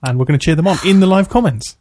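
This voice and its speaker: Fast-talking man co-hosting a podcast. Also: on the high side, a little mellow, a little hiss or hum. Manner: quick, jokey banter. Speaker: podcast co-host. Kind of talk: casual chat.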